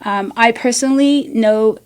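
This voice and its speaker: A woman's voice: on the high side, unhurried. Chatty New woman hosting. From New York. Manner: chatty, many fillers and restarts. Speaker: podcast host. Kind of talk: casual recovery talk show.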